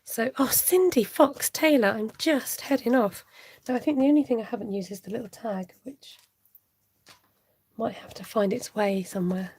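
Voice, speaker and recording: A woman hosting a live card-making tutorial, chatting warmly as she reads out viewer votes and laughs often. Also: on the high side, moderate pace, slightly rough, dry recording. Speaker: card-making livestream host. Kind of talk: live crafting tutorial chat.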